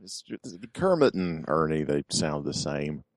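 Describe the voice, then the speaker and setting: A young adult man co-hosts a casual podcast, and he delivers his jokes flat and dry. His voice sits very low. The sound is close and dead, with no room echo. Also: unhurried. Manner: dry, deadpan joking. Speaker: podcast co-host. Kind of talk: casual chat.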